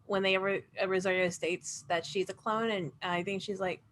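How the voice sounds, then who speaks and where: Bright-voiced woman player. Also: medium pitch, level tone, moderate pace, a little hiss or hum. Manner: thoughtful, describes actions with many fillers. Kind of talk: in-character tabletop play.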